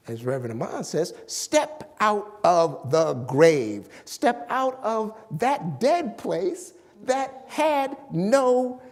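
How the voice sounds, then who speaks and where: A man preaching a sermon as pastor, slowly and emphatically, stretching out key words. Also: sits high, a little mellow, long reverb tail.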